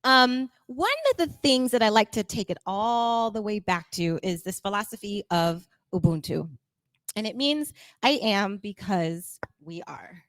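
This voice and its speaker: A woman speaking to a live audience in a chatty, animated way, acting out quoted voices and laughing often. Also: medium pitch, a little slow, dry recording, clean studio sound. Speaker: workshop speaker.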